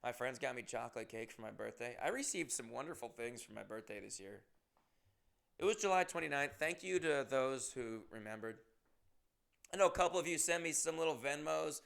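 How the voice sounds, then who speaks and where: Comedian guy rambling on his podcast, gravelly voice, swears a lot, pokes fun at himself. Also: medium pitch, animated, moderate pace, a bit bright. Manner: rambling, self-deprecating, swears often. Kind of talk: casual podcast monologue.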